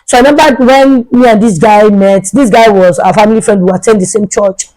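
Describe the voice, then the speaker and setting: A woman's voice: medium pitch, brisk, a little mellow, rough recording. Chatty young woman telling stories. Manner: chatty storyteller who repeats herself for emphasis. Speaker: vlogger. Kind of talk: storytime vlog.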